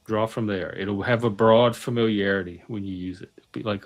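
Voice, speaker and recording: A man hosting a casual panel chat, teasing and wisecracking with quick asides. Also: fairly low pitch, steady tone, soft background music. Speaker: host.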